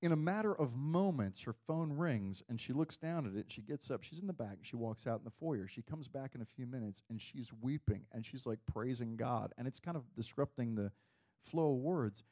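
A man preaching a sermon in a conversational, storytelling way, dropping to a hush and then rising to loud emphasis. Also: medium pitch, lively intonation, normal speed.

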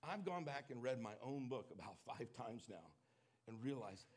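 A man preaching a sermon, emphatic and confessional, swinging from loud declarations to hushed admissions. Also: mid-range voice, sing-song, normal speed, husky.

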